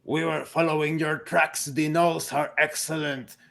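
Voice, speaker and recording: A man voicing a proud, blunt male orc chieftain who talks in slow, halting speech. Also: on the high side, little pitch movement, creaky, a bit bright.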